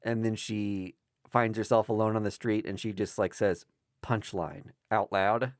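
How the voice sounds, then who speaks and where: A man's voice: fairly low pitch, level tone, moderate pace, no room sound, clean studio sound. A man co-hosting a podcast, chatting casually and jokingly about comics, swearing now and then. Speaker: podcast co-host.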